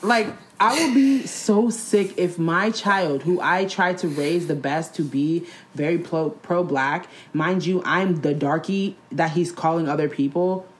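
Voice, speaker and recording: A young woman talks in a casual chat, blunt and animated. Her voice sits a little low for a woman. She fills her talk with slang and "like". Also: a little slow, few pauses.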